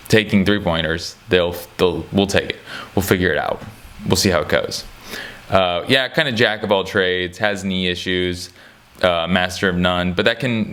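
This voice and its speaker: Low-voiced man rambling about basketball. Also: fairly bright tone. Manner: rambling, joking, many fillers and restarts. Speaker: sports commentator. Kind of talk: casual chat.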